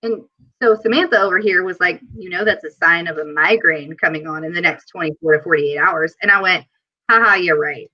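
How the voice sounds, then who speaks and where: A woman hosting a live stream, chatting casually and telling stories in a giggly, animated way over a video call. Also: lowish voice, fairly quick, muffled recording. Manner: giggly, animated storytelling with quoted asides. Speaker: host.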